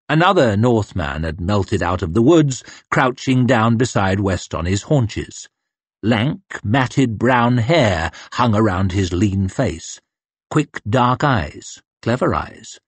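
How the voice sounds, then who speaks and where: Guy reading a fantasy audiobook, husky voice, really lively pitch, dry close sound. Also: slow pace, no echo. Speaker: audiobook narrator. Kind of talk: scripted narration.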